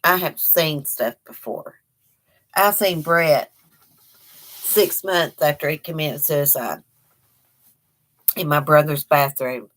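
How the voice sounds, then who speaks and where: A woman's voice: low-pitched, slow pace, long pauses, fairly bright tone. A woman from Eastern Kentucky with an Appalachian accent, hosting a casual home livestream, chatting folksily and reading out viewer comments. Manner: chatty and folksy, laughs often, talks to her dog. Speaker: livestream host.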